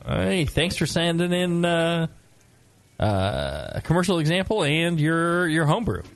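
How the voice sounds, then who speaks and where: Gravelly, animated male show host. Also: on the high side, measured pace, dry recording. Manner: joking, animated, teasing. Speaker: podcast host. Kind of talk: casual beer talk show.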